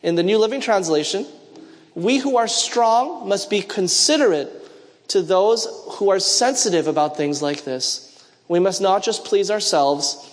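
A man's voice: sits high, expressive, measured pace. A man preaching a sermon, telling stories and asking the congregation to call out answers. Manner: storytelling with call-and-response questions. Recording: long hall reverb.

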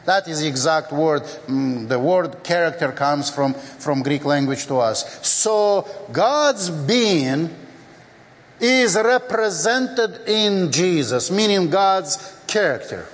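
A man preaching a sermon in a slow, deliberate way, with frequent fillers, acting out the scripture dialogues in lively voices. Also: a little high. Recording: long hall reverb.

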